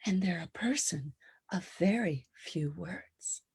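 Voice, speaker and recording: A woman putting on a hushed, whispery voice of a person of very few words. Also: mid-range voice, big pitch swings, measured pace, slightly rough, exaggerated voice. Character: terse whispering metal-type woman.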